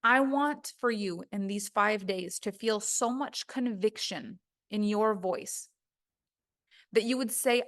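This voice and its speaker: A woman's voice: mid-range voice, takes it slowly, a bit bright. A woman voice coach giving a recorded course lesson, talking emphatically and acting out quoted voices.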